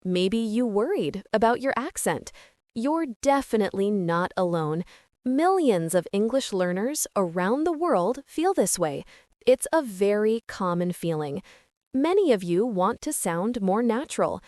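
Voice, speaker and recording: A woman reading a scripted English lesson in a slow, clear, encouraging teacher's manner. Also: mid-range voice, big pitch swings, a little mellow, dry recording, clean studio sound.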